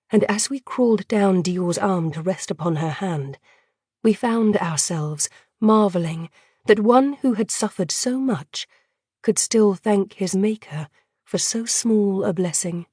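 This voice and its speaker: A woman reading an audiobook as narrator, measured and hushed. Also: mid-range voice, breathy edge, no echo, clean studio sound. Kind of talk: scripted dark fantasy narration.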